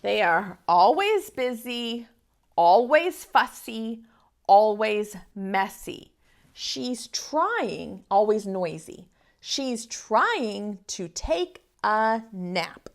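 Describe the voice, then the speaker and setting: A young adult woman, a preschool teacher, reading a picture book aloud to small children with an animated, expressive manner. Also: mid-range voice, extremely slow.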